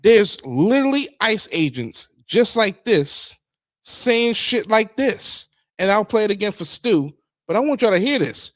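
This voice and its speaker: Man, stream host, excitable, talks in bursts, animated pitch, dry mic. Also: measured pace, no echo. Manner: excitable and profane, speaks in bursts. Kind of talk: casual live-stream commentary.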